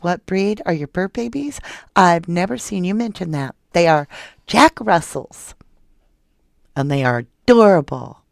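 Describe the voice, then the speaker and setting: A woman hosting a casual true crime livestream, chatting with viewers and reading their comments in an animated way. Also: creaky, no room sound, studio quality. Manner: chatty and animated, jumping up high when excited.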